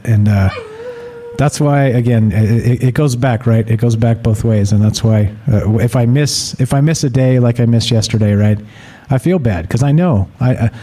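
A man hosting a radio show, chatting and thanking listeners, with many halting restarts and easy laughs. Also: medium pitch, dark tone. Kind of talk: casual closing chat. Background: music playing.

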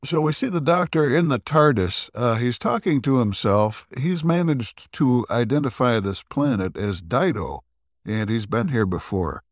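A man co-hosting a podcast, casually retelling an old episode with many ums and throat clears. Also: mid-range voice, lively intonation, a little slow, dry recording, studio quality. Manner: rambling, filler-heavy retelling with frequent throat clearing. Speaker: podcast co-host. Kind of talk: casual recap discussion.

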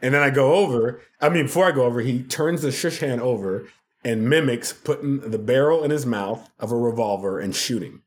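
A man, a television producer and podcast guest, telling stories in a casual, animated way and laughing often. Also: medium pitch, fairly quick. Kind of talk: casual storytelling.

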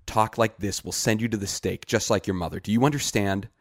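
A man reading a short story aloud and voicing a wary village herb woman who scolds in hushed tones. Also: sits low, normal speed, dry recording, studio quality. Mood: urgent, scolding.

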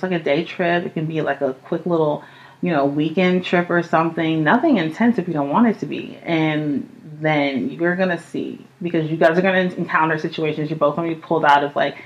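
Woman, low voice, young adult, casual podcast host, rambling storytelling, says "like" a lot, swears freely. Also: poor audio. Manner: chatty, filler-heavy "like", casual swearing.

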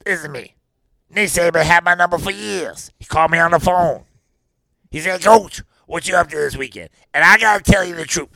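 A man's voice: high-pitched, fairly quick, no echo, heavily acted. A man impersonating a brash, boastful football coach. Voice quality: gravelly, raspy. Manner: brash, boastful, rambling with bursts of shouting. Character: gravelly Cajun football coach, brash and rowdy. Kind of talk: comedic impression in a mock interview.

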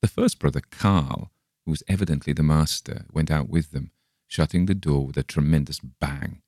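A man reading a Victorian story aloud as an audiobook narrator, steady and measured, lifting his voice a little for the quoted speech. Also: very deep voice, no room sound, studio quality. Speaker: audiobook reader. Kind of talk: scripted narration.

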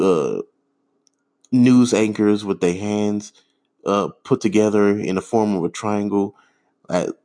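A man's voice: sits low, a little mellow. A man hosting a podcast alone, ranting in a rambling, profane way, full of fillers and scoffing laughs. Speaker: podcast host. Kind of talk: casual solo rant.

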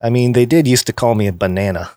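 A relaxed man trading jokes on a casual podcast, meandering through asides with easy filler. His voice has an ordinary middle pitch. The sound is dry and close, with no room around it. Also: fast, dry recording. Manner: laid-back, joking, trailing asides. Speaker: podcast co-host.

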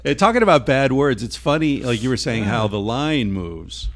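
Casting: middle-aged male host, blunt and swearing, mid pitch. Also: normal speed. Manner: blunt, profane and animated. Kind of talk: casual chat.

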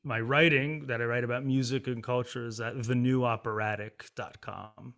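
A man, an opera singer and music writer, talking candidly as an interview guest, animated and quick to laugh. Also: medium pitch, gravelly. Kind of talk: casual interview conversation.

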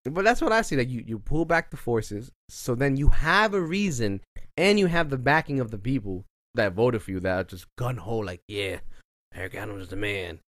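A man's voice: medium pitch, expressive, normal speed, a bit bright, no echo. A young man from the Bronx, rambling and swearing freely in casual podcast chat. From the Bronx, New York.

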